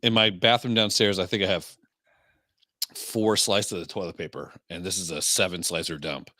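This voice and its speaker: A man co-hosts a casual podcast in a blunt, crude, opinionated way. His voice sits fairly low, and the recording is dry and close with no room sound. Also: steady tone, moderate pace, sharp tone, no room sound. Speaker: podcast co-host.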